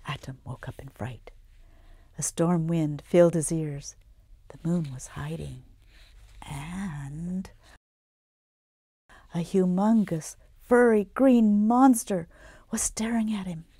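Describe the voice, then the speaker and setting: A woman reading her own children's book aloud, dramatic and dropping into hushed whispers. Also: fairly low pitch, no echo. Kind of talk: storybook read-aloud.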